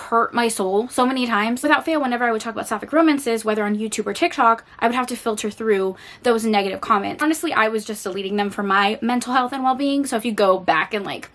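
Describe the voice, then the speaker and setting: A woman's voice: a little high, fairly bright tone. A woman book reviewer talking in a casual reading vlog, chatty and heartfelt, with lots of "like" fillers.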